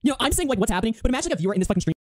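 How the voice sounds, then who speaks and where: Man, very fast, lively pitch, dry close sound, sweary stream host. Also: dry recording. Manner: loud, sweary, laughing often. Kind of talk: casual livestream chat.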